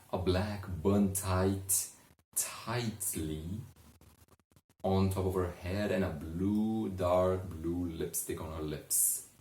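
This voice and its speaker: A man coaching about sleep and telling a story, with an earnest, halting delivery and pauses. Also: sits low, warm tone. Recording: echoey room, distant mic.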